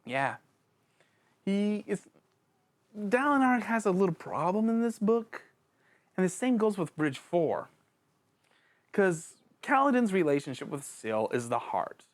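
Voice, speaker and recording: Animated, joking book reviewer. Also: a little slow, long pauses. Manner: excitable and jokey, with big swings in pitch; addresses the author and characters directly, playful slang. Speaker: book reviewer and channel host. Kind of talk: casual spoken book review.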